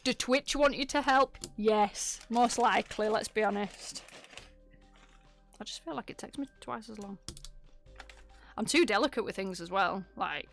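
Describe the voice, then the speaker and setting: Teasing northern English woman, gravelly. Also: mid-range voice, a little slow, pauses often, faint music behind. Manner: teasing, laughs often. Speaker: keyboard builder. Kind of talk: casual chat on a livestream.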